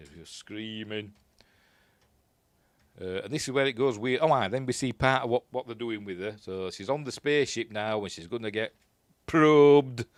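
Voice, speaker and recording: A man with a Yorkshire accent, his voice on the low side and recorded dry, rambles casually while watching a film. As a film reviewer, he often sounds unsure of himself and chuckles at his own asides.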